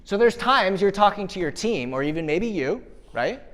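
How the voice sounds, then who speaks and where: A man giving a live motivational keynote at an event, talking in a punchy, energetic way and firing rhetorical questions at the crowd. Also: high voice, normal speed. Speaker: motivational speaker.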